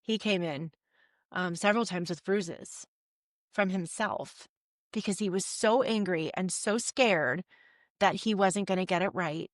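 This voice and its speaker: Therapist américaine, ton vif et explicatif, voix sèche et proche du micro. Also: female voice, on the low side, a little slow, no room sound. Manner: lively, explains with acted-out examples and restarts. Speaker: couples therapist, guest. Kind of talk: explanatory interview talk.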